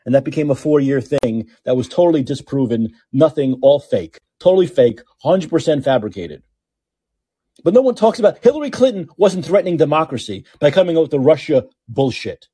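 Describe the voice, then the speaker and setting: A man's voice: a little high, sing-song, brisk, warm tone, slightly rough, no echo, clean studio sound. An older man hosting a political call-in podcast, talking in a sarcastic, exasperated way and repeating himself for emphasis. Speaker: podcast host.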